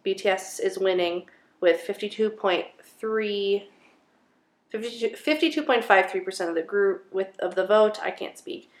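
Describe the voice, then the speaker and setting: A woman co-hosting a relaxed conversation, running through lists of names and votes. Her voice sits in an ordinary middle register, and she teases and laughs easily. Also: mid-range voice, normal speed. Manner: playful, laughs often, teasing. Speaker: co-host. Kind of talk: casual chat about music awards.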